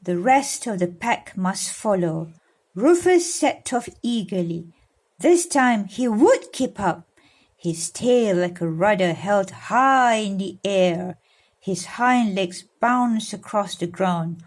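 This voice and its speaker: A woman reading a storybook aloud to her godchildren, pausing to explain and coax them with questions. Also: medium pitch, lively intonation. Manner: warm, coaxing, explains and asks children questions. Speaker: godmother reading to children.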